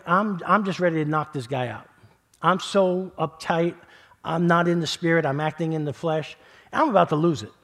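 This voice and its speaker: Middle-aged male pastor from New York, slightly high voice, conversational sermon storytelling with repeats and quiet hushed stretches. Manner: conversational, repeats words, builds then drops to a hush.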